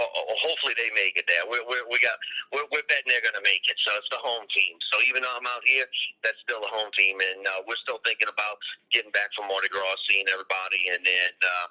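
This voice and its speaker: A man's voice: on the low side, sharp tone, rough recording. A middle-aged man from New Orleans with a New Orleans accent, chatting as an artist guest in an easygoing, rambling way with many fillers. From New Orleans, Louisiana. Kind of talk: casual interview chat.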